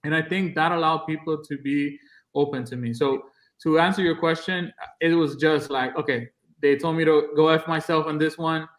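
Male podcast guest, slightly higher voice, blunt, lively storyteller. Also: normal speed. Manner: blunt, animated storyteller acting out dialogue. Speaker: podcast guest, real estate agent. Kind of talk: casual interview storytelling.

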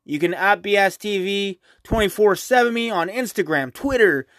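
Here a young man's high-pitched, somewhat bright voice moves at normal speed over a dry, clean studio recording. Hosting his own podcast, he rambles through a casual, profane solo rant, tagging points with "right?"

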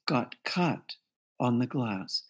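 A man's voice: mid-range voice, expressive, slow, husky. A man being interviewed as a guest therapist, earnestly recounting a client's case and quoting the dialogue. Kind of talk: interview storytelling.

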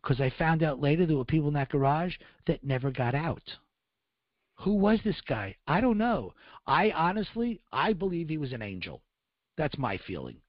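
An earnest man recounting his own story on the radio, slipping into the voices of the people he met. His voice sits a little high for a man. The audio is dry and dull, with a lo-fi radio feel. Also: very animated, normal speed, no room sound. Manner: earnest, acts out dialogue in raised voices. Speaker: guest recounting survival. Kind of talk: first-person storytelling on radio.

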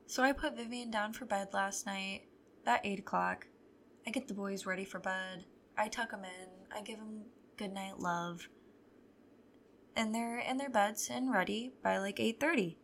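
Young woman with a gravelly voice. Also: mid-range voice, fairly bright tone, a little hiss or hum. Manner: candid, profane, wry storytelling. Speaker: podcast host. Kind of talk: casual storytelling chat.

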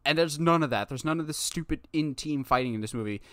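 Man, bright voice, dry close sound, casual movie review, animated, acts out quotes. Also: on the high side, quick pace, no echo.

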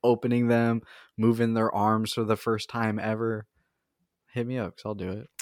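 A man's voice: fairly low pitch, flat delivery, normal speed, no echo, studio quality. A man co-hosting a casual podcast chat, playful and joking at his own expense. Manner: joking, playful, self-deprecating. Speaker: podcast co-host.

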